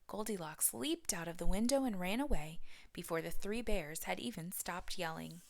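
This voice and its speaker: A woman teacher reading a picture book aloud, expressive and often dropping to a whisper. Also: on the low side, normal speed, gravelly.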